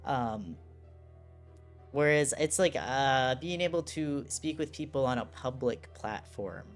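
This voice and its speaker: A chatty game streamer talks loosely with viewers, trailing off and restarting thoughts. The voice sits at a middling pitch with faint music playing quietly underneath. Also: lively intonation, slow. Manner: rambling, self-interrupting, laughs often. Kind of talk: casual live-stream chat while playing.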